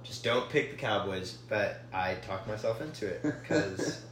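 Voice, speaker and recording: A young man co-hosting a casual sports podcast, excitable and stumbling over his words. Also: fairly low pitch, a little slow, reverberant, slight background noise. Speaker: podcast co-host.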